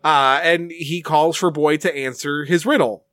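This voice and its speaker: A man's voice: on the high side, steady tone, measured pace, pushed and bright, dry recording, studio quality. A man recapping a TV episode in casual, sarcastic talk, swearing freely. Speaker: podcast host.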